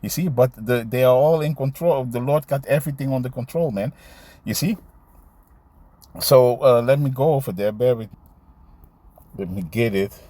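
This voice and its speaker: A man teaching scripture in a loose, conversational way, stumbling through fillers as he hunts for verses. He keeps tagging his points with "man" and "you see". His voice sits at a middling pitch, recorded dry and close with no room echo. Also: mellow. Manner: halting, with many fillers and restarts while finding verses. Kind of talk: casual scripture teaching, reading verses aloud.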